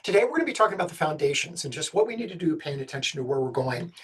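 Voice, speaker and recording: Fast-talking husky man presenting. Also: a little high. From Southern United States. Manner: fast-talking, energetic, jokey asides. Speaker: special education law presenter. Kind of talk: webinar presentation.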